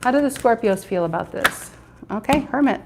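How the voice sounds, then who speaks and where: A woman's voice: a little high, animated, moderate pace, background noise. A woman doing a live tarot reading, chatting with viewers and repeating her questions as she turns the cards. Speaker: tarot reader.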